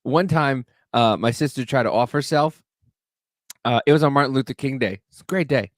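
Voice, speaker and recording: A man's voice: mid-range voice, moderate pace, no echo. A man with a middle-range voice tells a rambling, profane story on a podcast. He jumps between self-mockery and exaggerated retellings. The sound is close and dry, with no room around it. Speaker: podcast co-host. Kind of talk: casual storytelling chat.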